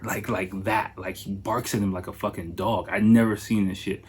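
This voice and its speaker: A man hosting a podcast, telling a travel story in a loose, animated way, full of swearing and fillers. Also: lowish voice, fairly quick, noisy background. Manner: animated, profane, filler-heavy retelling. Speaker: podcast host. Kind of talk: casual anecdote storytelling.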